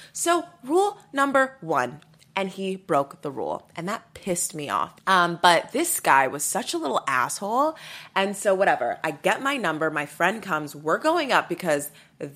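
A woman hosting a podcast, telling a story in a blunt, animated, casual way and swearing freely. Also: medium pitch. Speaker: podcast host.

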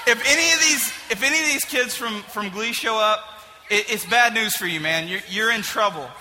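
High, bright-voiced animated male preacher. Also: normal speed, in a large hall, a little hiss or hum, rough recording. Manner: animated and jokey, often shouting for emphasis. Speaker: speaker addressing a live audience. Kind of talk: comic sermon illustration.

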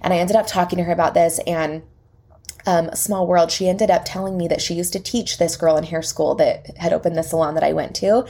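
A young woman hosting a podcast, telling a personal story in a lively way and acting out the dialogue. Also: on the low side, a little fast. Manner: lively retelling that acts out quoted dialogue. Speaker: podcast host and salon owner. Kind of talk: casual storytelling.

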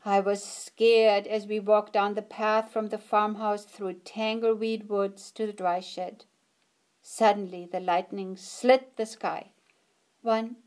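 A woman reading a picture book aloud in a gentle, expressive storytelling manner. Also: medium pitch.

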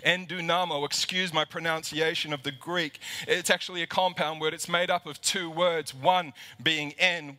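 A man's voice: a little high, sharp tone. A man preaching a livestreamed sermon as lead pastor to a camera in an empty church auditorium, impassioned and repeating words as he builds emphasis.

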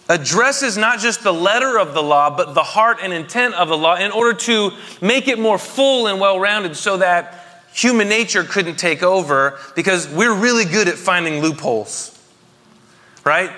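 A man's voice: sits high, pushed and bright. A man in his thirties preaching a conversational, jokey sermon to his congregation, often asking them questions. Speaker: pastor. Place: church hall. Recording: long reverb of a hall.

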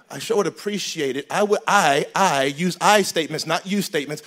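A man preaching a sermon as pastor in a church, animated and joking, switching between loud emphasis and quiet asides. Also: a little high, a little fast, hardly any pauses. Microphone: handheld microphone.

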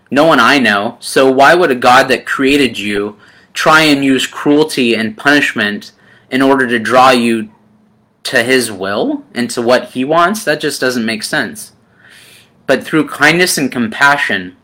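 Slow, bright-voiced gentle male preacher. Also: medium pitch. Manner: gentle, addresses listeners as friend; unhurried with frequent ums and pauses. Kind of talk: sermon.

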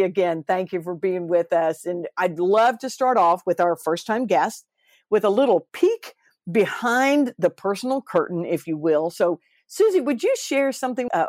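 A woman hosting a podcast interview, bubbly and expressive, her voice swooping up when she gets excited. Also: fairly low pitch, no echo, studio quality. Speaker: podcast host.

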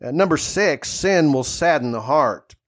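Pastor guy preaching, lots of uh pauses, reads verses out loud between his points. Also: on the high side, animated. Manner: unhurried preaching with many "uh" pauses, reading scripture aloud. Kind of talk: sermon.

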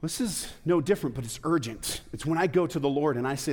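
A man's voice: on the high side, lively intonation, fast, a little mellow. A man preaching a sermon in a church, talking conversationally with rhetorical questions and playful asides. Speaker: pastor. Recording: long hall reverb.

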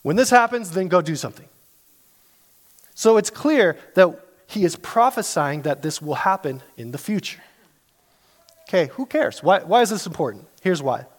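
A man preaching a sermon in a casual, animated way, full of asides and questions to the congregation. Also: high-pitched, moderate pace, long pauses. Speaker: pastor.

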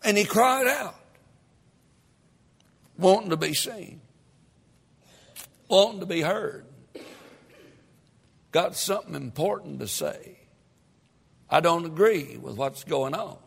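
A man preaching a sermon as pastor, reading scripture and building emphatically to loud peaks. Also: fairly high pitch, animated, slow pace, gravelly, pauses often, husky. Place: church sanctuary. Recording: long hall reverb.

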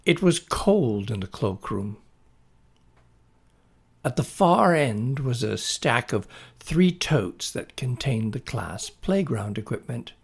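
A man reading a children's story aloud at a slow, deliberate storybook pace. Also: mid-range voice, sing-song, vocal fry, breathy edge.

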